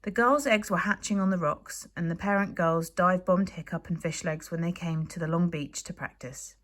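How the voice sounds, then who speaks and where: A woman from the UK, a primary school teacher, reading a children's book aloud to her class in a lively, expressive way. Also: on the low side, moderate pace. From United Kingdom.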